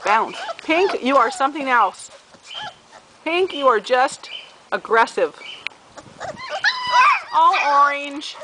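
A woman's voice: high voice, expressive, slow, long pauses. A woman filming puppies in a dog run and narrating a home video, switching into sing-song baby talk when she speaks to them. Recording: home video with loud background noise. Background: puppies whining and barking.

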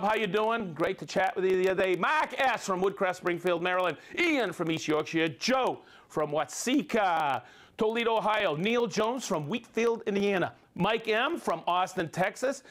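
A man's voice: sits high, fairly bright tone. A middle-aged man hosting a live stream, upbeat as he reads out viewer names and hometowns and sometimes stumbles over hard ones. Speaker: livestream host.

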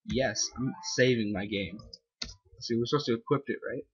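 Husky excitable young gamer guy. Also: medium pitch, normal speed, dull audio. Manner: excitable, whoops and yells at the game. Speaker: gamer playing a video game. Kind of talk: let's-play commentary.

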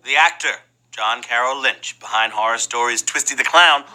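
A man's voice: mid-range voice, moderate pace, background noise. A man hosting a live trivia game show, playful and joking between questions and exclaiming often.

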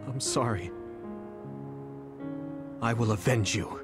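A man's voice: mid-range voice, slow, close to an everyday voice. An actor voicing an earnest young male hero soldier in a video game. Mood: grieving. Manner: earnest and determined. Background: game music.

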